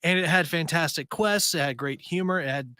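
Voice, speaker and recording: A man's voice: on the high side, a little fast, bright, forceful tone, smooth, no room sound, studio quality. A man co-hosting a podcast, talking enthusiastically in casual panel chat, rambling a little with fillers. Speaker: podcast co-host.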